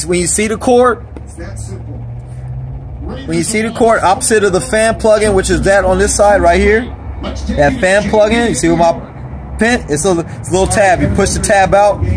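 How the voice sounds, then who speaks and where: Angry, foul-mouthed man repairing electronics. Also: sits high. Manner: angry, swearing constantly, rambling. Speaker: vlogger repairing a console power supply. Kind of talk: profane casual repair vlog.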